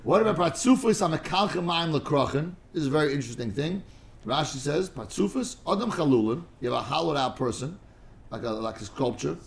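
A man's voice: fairly high pitch, animated, a little fast, gravelly. A man teaching a casual study class, rambling and digressive, stumbling over repeated words and mixing in Hebrew and Aramaic terms.

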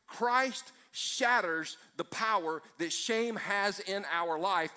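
Fired-up preacher with a bright voice. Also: male voice, high voice. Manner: energetic and fired up, with joking side remarks. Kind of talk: sermon. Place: church in front of a live congregation.

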